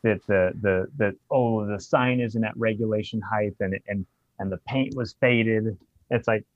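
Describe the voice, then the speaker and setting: A man's voice: fairly low pitch, fairly even intonation, a little slow, no room sound, highs cut off. A man who owns a bar, telling a long, profanity-laced anecdote in casual chat. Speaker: bar owner. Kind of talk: casual storytelling.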